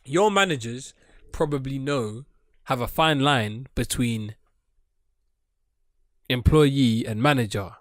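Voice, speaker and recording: A man's voice: medium pitch, takes it slowly, long pauses, dry recording, studio quality. A young man co-hosting a podcast, teasing and arguing in casual banter, often laughing. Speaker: podcast co-host.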